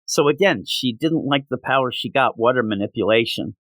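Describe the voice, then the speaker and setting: A man's voice: medium pitch, expressive, fairly quick, a bit bright, no echo. A man reviewing comic books in a casual spoken rant, sarcastic and exasperated.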